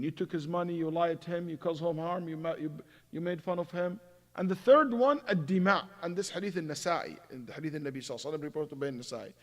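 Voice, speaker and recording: A man giving a religious lecture, acting out stories and swinging between loud emphasis and hushed asides. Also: high-pitched. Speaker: imam giving a Quran commentary class. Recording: long hall reverb.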